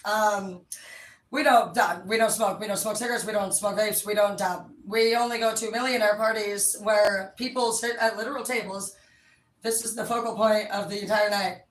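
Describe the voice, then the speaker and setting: A woman's voice: medium pitch, steady tone, normal speed, a little hiss or hum. A woman telling a long story in a blunt, rambling, profane casual chat. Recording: echoey room, mic at a distance.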